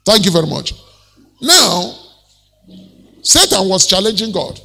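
Animated Nigerian pastor preaching. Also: male voice, high voice, a little slow, gravelly, long pauses, big-room sound. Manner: animated storytelling preaching with laughs. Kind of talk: sermon.

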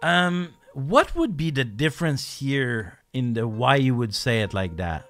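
A man's voice: medium pitch, lively intonation, measured pace, a bit bright, soft background music. A man giving casual, joking commentary while playing a language-learning game, laughing often.

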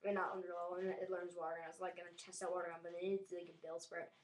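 A woman's voice: fairly low pitch, flat delivery, very fast, far from the mic, low-quality recording. A woman giving casual, rambling commentary as she plays a video game, full of "like" and often trailing off into a mutter. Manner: rambling, fillers of "like", trailing off into mumbles. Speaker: let's play gamer.

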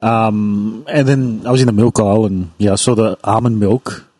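Brief: husky male podcast co-host, halting and rambling. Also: fairly low pitch, steady tone, warm tone, dry recording. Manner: rambling, halting, searches for words. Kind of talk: casual chat.

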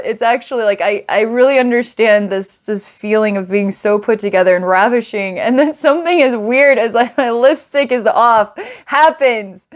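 A woman giving a channeled psychic reading, rambling and giggling often, then dropping to a soft, hushed tone. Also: moderate pace. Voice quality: giggly, rambling, frequent laughs and restarts. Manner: lively and emotional, softens to a hushed low tone. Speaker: psychic reader.

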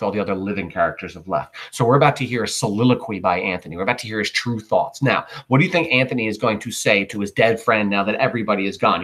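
A man's voice: fairly low pitch, a bit bright, breathy edge, poor audio. A male teacher explaining a play in a chatty way, with asides and rhetorical questions to his students. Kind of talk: classroom literature lesson.

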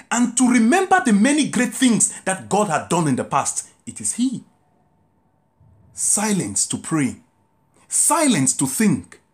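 Priest, sermon, very lively pitch, stretched emphatic lines. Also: male voice. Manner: preaching with drawn-out emphatic phrases and sudden lifts and drops. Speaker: Catholic priest.

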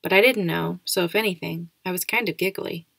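A woman narrating a children's novel in an even, measured reading. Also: on the low side, creaky, no room sound. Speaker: audiobook reader. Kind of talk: storybook narration.

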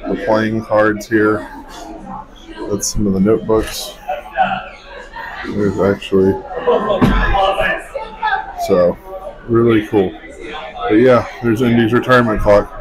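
Low-voiced guy doing a chill food vlog, loud crowd all around. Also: level tone, slow, pauses often. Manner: chatty, easygoing, talks while eating. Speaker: vlog host. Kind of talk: casual food review vlog. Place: busy theme park bar. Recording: noisy crowded bar. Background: loud crowd chatter.

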